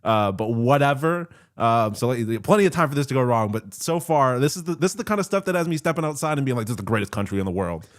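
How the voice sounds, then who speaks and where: A man co-hosting a casual sports podcast who talks excitably, swears a lot and laughs easily. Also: mid-range voice, quick pace, few pauses. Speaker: podcast co-host. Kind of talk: casual chat.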